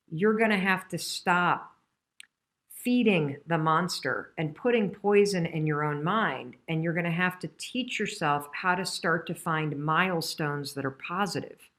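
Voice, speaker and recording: A woman's voice: fairly low pitch, a bit bright. A middle-aged woman giving a motivational talk, telling personal stories in a candid, emotional way. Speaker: motivational speaker.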